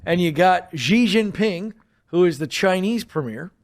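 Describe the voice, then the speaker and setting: A male radio host with a fairly high voice, bantering with his co-host in an easy, joking way. He talks conversationally and keeps the tone light. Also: lively intonation, a little slow.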